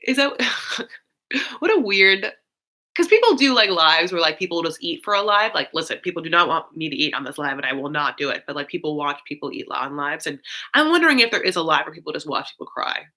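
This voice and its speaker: Young woman, bright forceful voice, slightly low pitch, rambling livestream chat, lots of "like" and "um". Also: very animated, a little fast. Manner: rambling, filler-heavy, effusive thanks to viewers. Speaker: host of a live recap stream.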